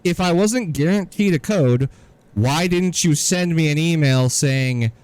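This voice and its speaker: A man's voice: fairly high pitch, unhurried, a little mellow. A man co-hosting a podcast, telling a story in an exasperated, sarcastic rant. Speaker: podcast co-host. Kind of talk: casual ranting podcast chat.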